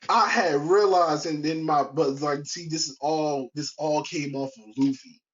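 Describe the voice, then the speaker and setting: Slow, rambling young man on a podcast. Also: on the high side, lo-fi sound, slight background noise. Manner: rambling, relaxed, slangy with restarts. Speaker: podcast host. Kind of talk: casual solo podcast chat.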